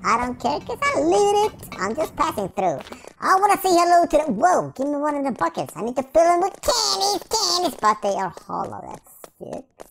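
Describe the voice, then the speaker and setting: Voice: sits high, very animated, normal speed, vocal fry, heavy background noise. A gameplay commentator talking in a goofy, silly, rambling way, taunting the game's characters as he plays.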